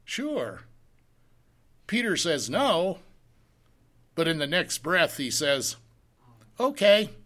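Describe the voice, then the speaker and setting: Slow-paced, bright-voiced male preacher. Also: fairly high pitch, big pitch swings. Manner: slow, deliberate, reads scripture in old-fashioned wording; asks rhetorical questions. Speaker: pastor. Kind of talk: sermon, verse-by-verse Bible teaching.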